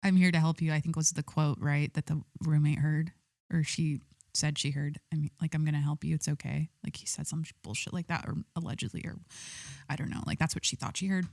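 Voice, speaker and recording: A woman's voice: sits low, steady tone, a little fast, darkish tone, no room sound. A young adult woman hosting a podcast, talking casually and rambling with lots of filler words. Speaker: podcast host. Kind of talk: casual chat.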